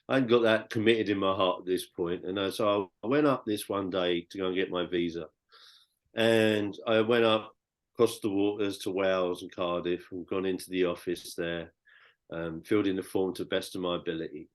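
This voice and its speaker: Brief: British man, low voice, rambling heartfelt podcast storyteller. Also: fairly even intonation, normal speed. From Britain. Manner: rambling and heartfelt, with many restarts. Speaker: podcast guest. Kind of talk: personal storytelling.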